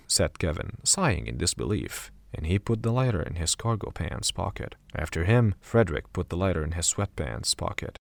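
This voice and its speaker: A man narrating a horror story audiobook in a measured, steady way. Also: sits low, creaky, dry recording. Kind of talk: scripted narration.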